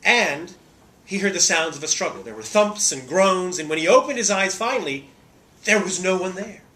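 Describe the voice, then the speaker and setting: A man's voice: high voice, expressive, moderate pace, sharp tone. A man who is a stage actor, telling a humorous story in a theatrical, playful way.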